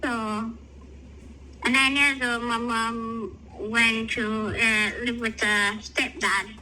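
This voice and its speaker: A woman with a Jamaican accent, speaking through a voice disguise filter and telling her life story haltingly, with many pauses. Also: on the high side, little pitch movement, pushed and bright, slight background noise, rough recording. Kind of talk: personal storytelling over a call.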